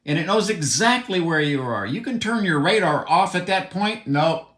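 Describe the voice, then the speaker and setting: A man's voice: high voice, animated, normal speed, fairly bright tone. Blunt, heated man in a roomy space. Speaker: commentator. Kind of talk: opinionated monologue. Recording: roomy echo.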